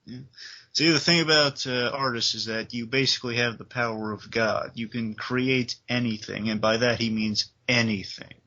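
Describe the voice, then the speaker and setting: Male co-host, eager storyteller, bright forceful voice, dull lo-fi sound. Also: medium pitch, steady tone, normal speed. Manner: enthusiastic, retells scenes with sound effects. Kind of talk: casual review chat.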